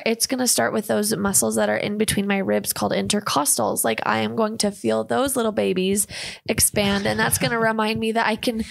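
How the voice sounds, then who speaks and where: Gravelly-voiced woman chatting about fitness. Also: medium pitch. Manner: earnest, talks through breathing techniques step by step. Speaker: podcast co-host and fitness trainer. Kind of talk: casual chat.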